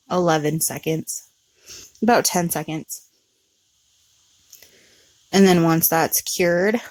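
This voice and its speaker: Low-voiced woman explaining nail art. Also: no room sound. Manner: relaxed, chatty, with frequent ums. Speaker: nail art tutorial host. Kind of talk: casual step-by-step tutorial narration.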